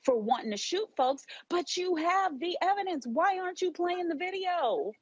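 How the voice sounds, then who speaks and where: High-voiced emphatic woman commentator. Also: lively intonation, dry recording. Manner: emphatic, rapid rhetorical questions. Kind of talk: animated panel discussion. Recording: dull lo-fi remote audio.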